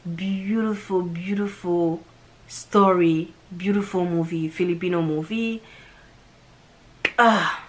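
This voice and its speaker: A woman's voice: lowish voice, steady tone, takes it slowly, slight background noise. A woman casually reviewing a movie, gushing and repeating the same words of praise again and again. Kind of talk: casual chat.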